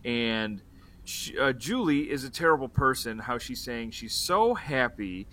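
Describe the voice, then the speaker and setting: A man with a bright, forceful voice runs through a film's plot in loose, casual chat. He rambles along with plenty of fillers and the odd curse word. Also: mid-range voice, expressive, unhurried. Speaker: podcast co-host. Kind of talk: casual movie-review chat.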